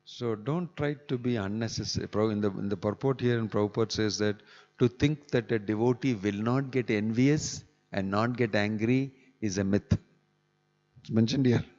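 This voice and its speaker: Low-voiced man giving a sermon. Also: moderate pace, darkish tone. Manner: conversational, chuckling asides, acts out quotes. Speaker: visiting swami giving a scripture class. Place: temple hall. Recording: dull echoey hall recording.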